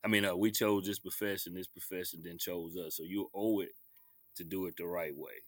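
A man, a basketball coach telling animated stories as an interview guest and acting out the referees. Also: low voice, fairly quick, dry recording. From Texas. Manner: lively storyteller acting out referees and himself. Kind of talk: animated storytelling.

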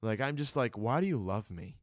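A man's voice: mid-range voice, expressive, fairly quick, no echo, clean studio sound. A young man hosting a solo podcast, telling a personal testimony in an earnest, emotional way with many fillers. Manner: earnest and emotional, many fillers, jokes then turns reflective. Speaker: podcast host.

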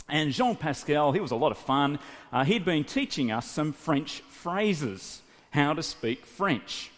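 A man in his late thirties from New South Wales with an Australian accent, preaching a sermon as animated storytelling. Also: on the high side. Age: late 30s. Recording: reverberant hall.

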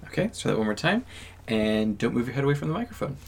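A woman's voice: rumbling low, sing-song, racing, vocal fry, slightly rough. A woman voice director coaching actors, patient and giving notes on sounds and tone. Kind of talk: directing actors in a recording booth.

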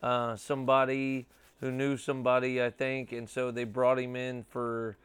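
Casual rambling man, smooth dry voice. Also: mid-range voice, monotone, normal speed, a bit bright, dry recording. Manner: rambling, swears casually, lots of "dude" and "like". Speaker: podcast host. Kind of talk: casual chat.

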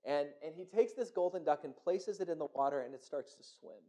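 A man telling a folk tale aloud, animated and often repeating words as he goes. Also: a little high, fairly quick. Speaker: storyteller. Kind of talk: oral storytelling.

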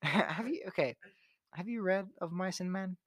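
A man's voice: high-pitched, moderate pace, a bit bright. A teenage boy chatting casually on a vlog, giggling and rambling between goofy impressions. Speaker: vlog co-host.

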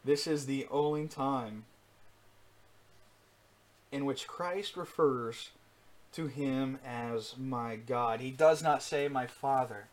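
A man's voice: mid-range voice, slow pace, long pauses. A man preaching an earnest sermon with rising emphasis, frequent fillers and restarts. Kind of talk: sermon teaching.

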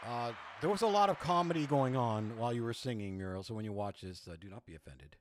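Lively jokey male show host. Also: mid-range voice, quick pace, slight background noise. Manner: laughing, jokey and chatty. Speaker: host of a singing contest. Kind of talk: playful show hosting. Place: studio.

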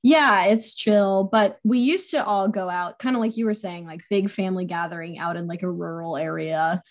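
A woman's voice: on the low side, moderate pace. A young woman co-hosting a podcast, chatting casually about a book and laughing often. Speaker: podcast co-host. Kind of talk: casual book-club chat.

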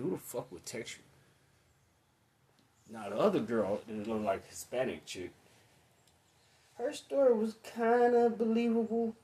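A man, talking in a casual, profane monologue, blunt and opinionated and full of strong swearing. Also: mid-range voice. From United States. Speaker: commentator.

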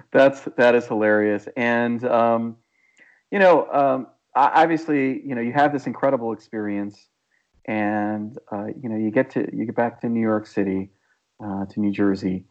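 A man's voice: mid-range voice, moderate pace. A man interviewing a guest, asking loose questions full of fillers. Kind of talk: conversational interview. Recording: dull lo-fi sound.

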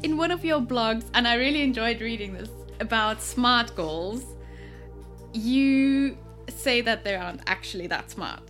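A woman's voice: a little high, expressive, measured pace, a bit bright, soft background music. A woman hosting a studio podcast, reading a scripted introduction and then interviewing a guest in an upbeat way. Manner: upbeat, laughs easily. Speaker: podcast host.

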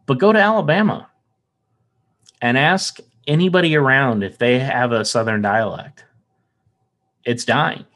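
A man's voice: mid-range voice, unhurried, pauses often, a bit bright. A man from the American South, without a Southern accent, talking earnestly in a casual podcast conversation, often restarting and repeating words. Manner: earnest, rambling, with frequent restarts and repetitions.

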